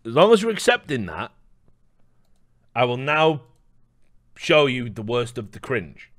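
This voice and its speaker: A man's voice: mid-range voice, sing-song, a little slow, a bit bright, no echo, studio quality. A man hosting a live stream, rambling through casual reaction commentary with lots of swearing and laughing asides.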